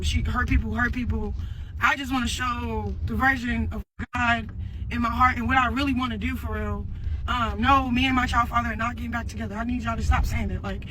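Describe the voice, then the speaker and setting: A woman's voice: fairly high pitch, background noise. A woman speaking to her followers in a casual, heartfelt video message, earnest and rambling, circling back with repeated fillers. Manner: earnest, rambling, repeats "for real" and "you know what I'm saying". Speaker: mother addressing her audience.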